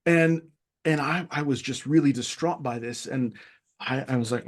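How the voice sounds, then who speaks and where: A man speaking as a guest, telling a story from his childhood in an animated, casual way with many restarts. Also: mid-range voice, moderate pace. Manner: animated, many restarts, acts out quoted voices. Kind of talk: casual conversation, personal storytelling.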